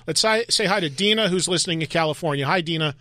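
A man runs a radio call-in show, joking and chatty as he steers the talk. His voice is bright and sits fairly high. The sound is close and dry. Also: fast, no echo. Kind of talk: radio interview and call-in hosting.

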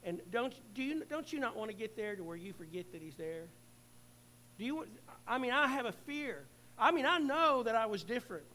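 High-voiced preaching pastor, loud and soft. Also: male voice, big pitch swings, normal speed, slight background noise, low-quality recording. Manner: earnest preaching, swelling loud then dropping soft. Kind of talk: sermon.

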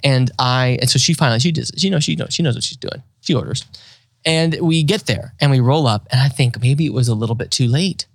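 A man's voice: mid-range voice, a little fast, creaky, dry recording. A man in casual chat, telling a funny story and acting out the voices of the people in it. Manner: animated, acts out voices of others in his stories.

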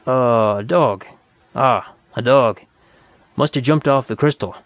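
A man playing a lazy young clerk who handles customers with a casual, offhand drawl and a sly streak. It is a mid-pitched voice in a dry, close recording. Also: a little slow, dry recording, natural voice.

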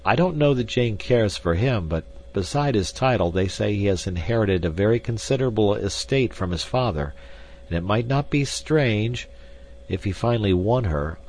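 A man reading an audiobook, voicing an earnest, insistent male suitor who speaks deliberately. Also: lowish voice, animated, darkish tone, slight background noise, voice pushed up. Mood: persuasive.

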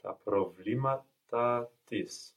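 Husky-voiced male language student. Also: mid-range voice, takes it slowly, fairly bright tone. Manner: short, careful answers to prompts. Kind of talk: answering drills in a lesson.

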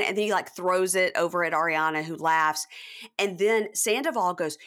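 A woman podcast host in casual chat, animatedly recapping a reality show and acting out the cast's lines. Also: normal speed. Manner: animated, acts out cast quotes in high voices.

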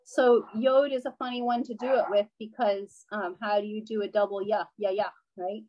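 A woman's voice: mid-range voice, steady tone, moderate pace, a little mellow, lo-fi sound. A woman teacher patiently explaining pronunciation in a live online class, using lots of fillers and frequent check-ins with her students. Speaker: language teacher.

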